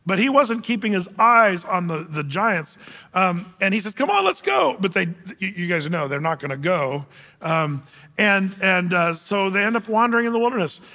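An animated man preaching to a gathering, his high voice bright and forceful as he acts out the people in his story. The sound rings with the long reverb of a large hall. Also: moderate pace. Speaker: men's group speaker. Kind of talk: sermon.

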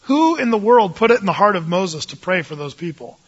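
A man's voice: sits high, big pitch swings, a little fast, husky, lo-fi sound. A man teaching the Bible in a casual, jokey way, acting out the voices of biblical figures.

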